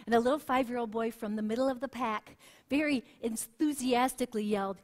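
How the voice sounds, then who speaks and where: A woman worship leader preaching a sermon in a church, telling stories with lively acted quotes. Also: a little high, brisk.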